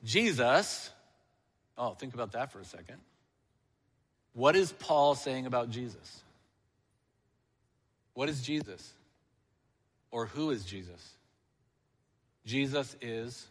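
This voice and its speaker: A man's voice: medium pitch, pushed and bright, big-room sound. A male church elder preaching a sermon, asking the congregation questions and answering them himself.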